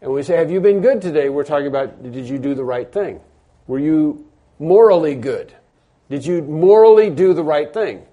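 A man's voice: fairly high pitch, moderate pace, dark tone, lo-fi sound. A middle-aged man preaching a sermon, explaining a passage earnestly and often repeating words for emphasis. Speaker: pastor.

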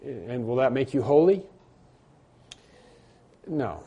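Brief: male pastor, warm mellow tone, teaching sermon, loose and conversational, punches key words. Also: mid-range voice, very animated, slow pace, breathy edge, muffled recording. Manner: conversational preaching with frequent fillers and restarts; rises to emphatic bursts on key points. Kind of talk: expository sermon.

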